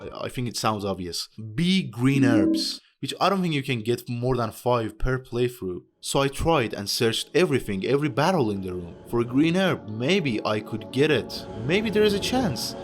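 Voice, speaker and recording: A man's voice: medium pitch, animated, normal speed, few pauses, music in the background. A young man giving casual game commentary in a rambling, sardonic way with jokey asides. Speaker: video game YouTuber.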